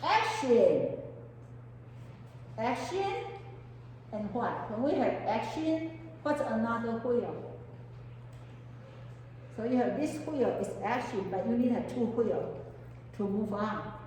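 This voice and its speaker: A woman's voice: on the high side, expressive, slow, pauses often, darkish tone, slight background noise. A woman teaching a counseling class, often questioning her students and speaking English with non-native phrasing. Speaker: counseling lecturer. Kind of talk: classroom lecture. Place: lecture room with students. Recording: echoey hall, mic far off.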